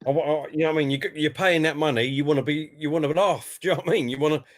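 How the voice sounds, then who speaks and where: A man's voice: a little high, steady tone, very fast, dry recording. A man co-hosting a live stream, chatting casually and tagging his sentences with "you know what I mean". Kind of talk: casual chat.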